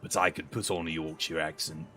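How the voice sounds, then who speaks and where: A man's voice: extremely low pitch, fairly even intonation, a little fast, sharp tone, faint music behind. Chatty British man streaming. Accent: British English. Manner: chatty and rambling, swears casually. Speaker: game streamer chatting with viewers. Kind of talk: casual livestream chat.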